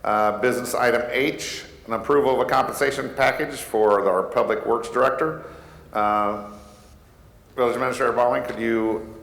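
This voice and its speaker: A man chairing a village board meeting as mayor, plain and halting with many fillers. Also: medium pitch, fairly even intonation, creaky, fairly bright tone. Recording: echoey hall, long reverb.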